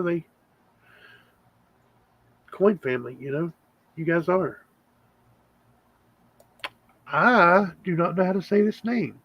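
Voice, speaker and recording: A man's voice: on the high side, muffled recording. A man hosting a casual livestream chat, rambling with lots of fillers. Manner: rambling, chatty with frequent fillers. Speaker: channel host.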